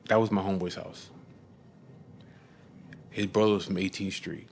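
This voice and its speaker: A man with a low voice recounts a story in a loose, casual way. He talks bluntly and swears constantly. He often stumbles and restarts his sentences mid-thought. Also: steady tone, vocal fry, darkish tone, slight background noise. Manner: blunt and heavily profane; halting restarts and repeated words.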